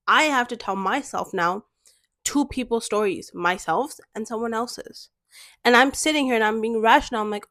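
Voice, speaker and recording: A woman's voice: a little high, moderate pace, a bit bright, no echo, studio quality. A woman vlogger talking straight to camera in a personal monologue, emphatic and full of rhetorical questions.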